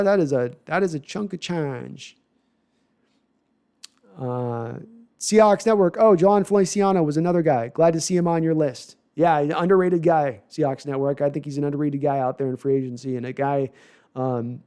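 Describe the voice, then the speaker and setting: A man hosting a casual live stream, reading viewer comments aloud and answering them with quick asides and self-corrections. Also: a little high, dark tone. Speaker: livestream host answering viewer chat. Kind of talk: casual live chat about football.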